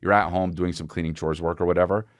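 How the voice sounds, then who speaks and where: A man with a low, fairly even voice talks quickly on his own podcast, spinning rambling, profane comic stories while imitating voices and sounds. It's a casual comedic monologue in a dry, studio-quality recording.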